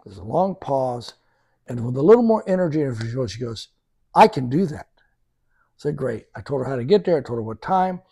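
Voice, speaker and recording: A man's voice: mid-range voice, fairly quick, creaky, breathy edge, dry recording. A man telling a story as a podcast guest, acting out the dialogue he quotes. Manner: lively storyteller who acts out quoted dialogue. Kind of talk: conversational storytelling.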